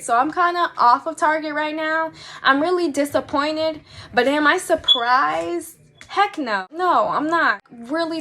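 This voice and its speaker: A woman's voice: sits high, sharp tone. A young woman vlogging her opinions in a blunt, exasperated way, repeating her points for emphasis. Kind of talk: casual opinion vlog.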